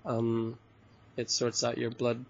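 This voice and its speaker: A man from Bali, a hostel owner being interviewed, talking in a loose, relaxed, rambling way with frequent chuckles and fillers. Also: medium pitch, takes it slowly, gravelly, a little hiss or hum. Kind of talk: casual chat interview. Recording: dull lo-fi recording.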